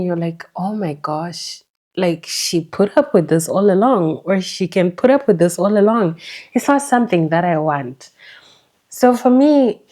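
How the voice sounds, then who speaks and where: A young woman from Zimbabwe, talking candidly and reflectively in a personal vlog chat, with halting restarts. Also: fairly low pitch, darkish tone. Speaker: book vlogger.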